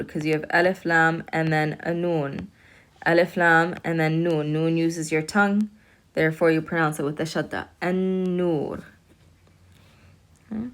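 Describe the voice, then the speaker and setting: Woman, lowish voice, patient teacher, slow repetitions, frequent "okay?". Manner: patient, repeats words slowly and checks in with "okay?". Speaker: Arabic teacher. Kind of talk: recorded online lesson.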